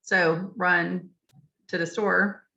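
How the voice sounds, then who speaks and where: A woman leading a teacher training session over a video call, explaining clearly with frequent ums and saying example phrases aloud. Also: on the low side, level tone, drawn-out words, sharp tone. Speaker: literacy trainer. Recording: dull lo-fi video call audio.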